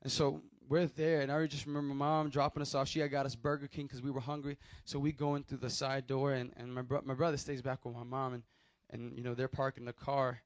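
A man's voice: medium pitch, flat delivery, fairly quick, hardly any pauses, no echo. A young man, preaching a sermon and telling a personal testimony in a loose, conversational way. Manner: conversational storytelling with restarts and acted quotes.

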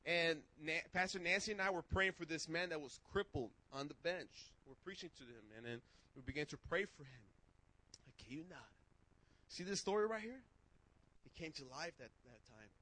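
A man preaching a sermon and telling testimony stories in casual slang, getting excited and shouting as he goes. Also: high voice, rough recording. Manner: excitable, shouts when worked up; casual street slang, restarts.

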